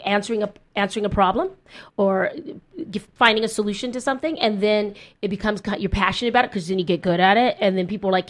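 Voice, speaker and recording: A woman in her thirties hosting a casual interview, chatty and upbeat with lively questions. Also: medium pitch. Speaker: podcast host.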